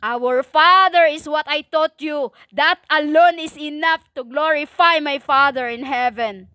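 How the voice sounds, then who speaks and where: A woman preaching a stern religious monologue in halting non-native English, with many fillers and emphatic repetition. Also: high voice, bright, forceful tone, no echo, clean studio sound. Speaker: self-styled prophetic preacher.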